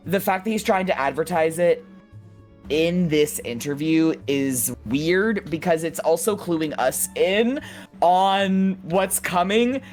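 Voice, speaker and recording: Exasperated swearing woman podcast co-host. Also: sits low. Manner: exasperated, profane, laughs often. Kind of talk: casual chat.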